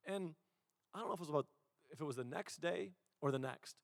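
A young man preaches with animated storytelling, acting out each quote as he goes. His voice sits a little high and sounds close and dry. A long reverb from a large hall trails behind him. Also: quick pace, vocal fry. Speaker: pastor. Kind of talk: sermon.

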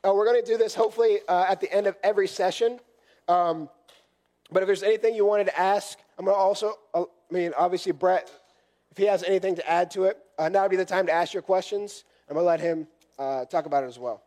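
A hoarse man leading a church training session, talking to a group in a conversational, repetitive way and checking in often with "right?". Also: high-pitched, quick pace, darkish tone. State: hoarse from a cough. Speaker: session leader at church workshop.

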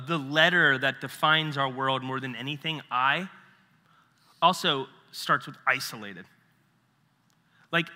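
A man's voice: on the high side, long reverb tail. A man preaching a casual, conversational sermon as a pastor, acting out quotes and asides. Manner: conversational, animated, acts out quotes. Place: church sanctuary.

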